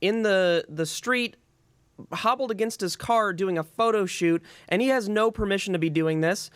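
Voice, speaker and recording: A man with a high voice co-hosts a casual chat podcast. He rambles and often drops a sentence halfway to start another. The sound is close and dry, with no room around it. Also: moderate pace, clean tone, no echo. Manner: rambling, trails off mid-sentence. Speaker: podcast co-host.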